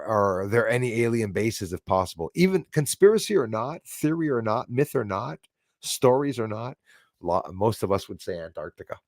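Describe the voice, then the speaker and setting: In a medium-pitched voice, a middle-aged man from Canada rambles through a laid-back livestream, reading viewer comments with many fillers, restarts and chuckles. The sound is clean studio audio without echo.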